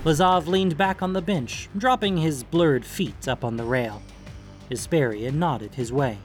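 A man narrating a fantasy audiobook with expressive storytelling. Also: medium pitch, measured pace, faint music behind. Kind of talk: scripted narration.

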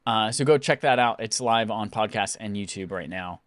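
A man's voice: on the low side, normal speed, dry recording. A man hosting a podcast, talking in a casual, jokey way as he signs off the show into a studio microphone. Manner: jokey, animated. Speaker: podcast host.

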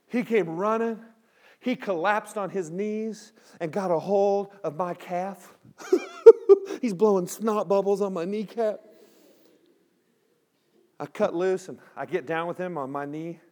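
Guy preaching to a room of students, kinda high voice, tells the story big and acts out the voices. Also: unhurried. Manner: drops to a quiet, earnest tone at the close. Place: in front of a live audience.

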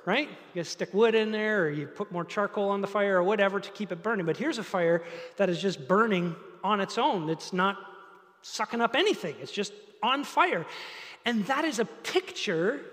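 A man preaching from the pulpit, his high-pitched voice climbing into loud, emphatic runs before falling back to quiet asides. Long reverb from a big church hall trails after each phrase. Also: moderate pace. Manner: animated, building to loud emphatic peaks. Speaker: pastor. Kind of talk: sermon.

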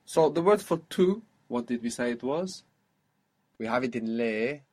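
Patient husky male language teacher. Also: mid-range voice, animated, a little mellow. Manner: patient, prompting questions, slow model phrases. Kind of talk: spoken language lesson.

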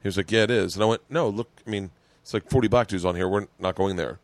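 A man's voice: low voice, fast talker, dry recording. Man telling stories, acting out voices. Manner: animated storytelling, acting out other people's lines. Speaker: podcast host. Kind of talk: casual chat.

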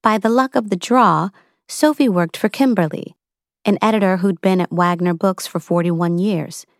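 Reading a novel aloud, a female audiobook narrator keeps a wry, even tone through her scripted narration. She speaks at medium pitch and a normal speed, in a dry recording with clean studio sound.

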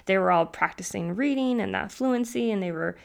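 A woman hosts an educational podcast and talks to listeners with upbeat energy. She is a chatty storyteller who laughs easily, and her voice sits at an ordinary middle pitch. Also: a little fast, vocal fry. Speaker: podcast host and teacher.

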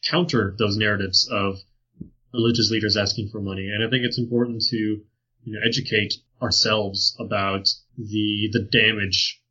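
Husky, bright-toned man in relaxed discussion. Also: fairly low pitch, normal speed, lo-fi sound. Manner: thoughtful, hedging with fillers and restarts. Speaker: podcast co-host. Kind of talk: casual conversation on early Christian texts.

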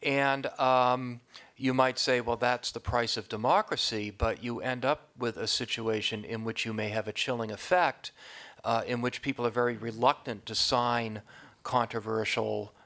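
Older man, panel speaker, measured delivery with frequent fillers. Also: medium pitch, flat delivery, a bit bright. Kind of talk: public panel discussion.

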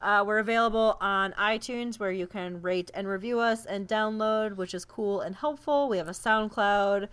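A woman's voice: medium pitch, moderate pace, few pauses, fairly bright tone, clear, resonant tone. A woman co-hosting a podcast in casual chat, rambling through announcements and laughing often. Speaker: podcast co-host.

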